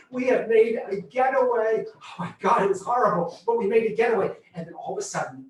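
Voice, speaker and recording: A man performing a comic autobiographical monologue on a theatre stage, animated and exclamatory. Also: sits high. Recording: echoey theatre, distant mic.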